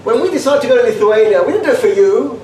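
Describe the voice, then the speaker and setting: A man giving an informal talk to students, animated and full of humorous anecdotes, often repeating words as he restarts and laughing as he goes. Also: very high voice, fast talker. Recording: echoey room, distant mic, background noise.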